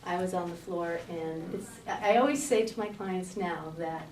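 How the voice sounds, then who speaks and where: A middle-aged woman, a fitness coach, giving a lively motivational talk to an audience and telling her own story. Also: fairly low pitch, moderate pace, background noise. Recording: roomy, distant audience-talk recording.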